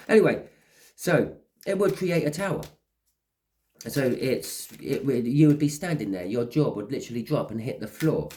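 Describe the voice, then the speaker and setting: A man's voice: medium pitch, expressive, moderate pace, darkish tone. A man giving a casual tarot reading, rambling and acting out little scenes as he talks. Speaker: tarot reader.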